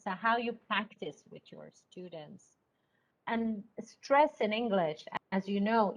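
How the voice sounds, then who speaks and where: Woman, teacher trainer, slow and methodical lecture delivery, keeps checking in with the class, muffled lo-fi sound. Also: medium pitch. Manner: explains step by step, checks in with "okay?". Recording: dull lo-fi recording.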